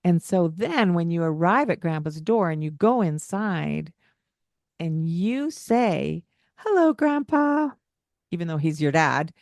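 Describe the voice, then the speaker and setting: A woman co-hosting a parenting podcast in a casual chat, animated and breaking into singsong greetings as she acts out talking to children. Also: low-pitched, a little slow, vocal fry, dry recording. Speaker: podcast co-host.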